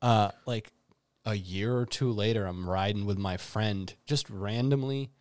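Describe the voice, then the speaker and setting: A man chatting loosely with friends, breaking into laughs and jokes between curses. His voice sits a little low, and his talk is relaxed and offhand. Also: clean tone, dry recording. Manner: laughing, profane, quick to joke. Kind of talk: casual chat.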